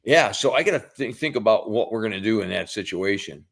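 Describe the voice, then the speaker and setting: A man talks casually on a podcast in a relaxed, easygoing way. His pitch swings widely, and he leans hard on the things that worry him. He tends to repeat himself when making a point. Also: fairly quick, vocal fry. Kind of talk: casual chat.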